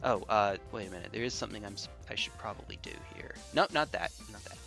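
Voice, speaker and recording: A man's voice: fairly low pitch, animated, fast, gravelly, bright, forceful tone, faint music behind. A man streaming online battles, joking and thinking aloud in casual commentary with lots of repeats.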